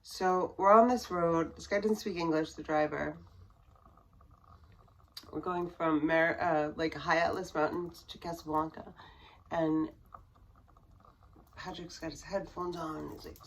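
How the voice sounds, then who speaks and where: Woman, low register, vlogger recounting a personal story, loose and filler-heavy, sinks to a hush when it gets tense. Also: fairly even intonation, unhurried, pauses often, a little hiss or hum, poor audio. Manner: rambling, peppered with fillers; voice drops to near whispers at tense moments.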